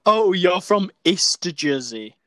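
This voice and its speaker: Teasing New podcast host. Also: male voice, high voice, very animated, slow pace, sharp tone, dry recording. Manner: playful, sweary, teasing. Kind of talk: casual comedy podcast banter.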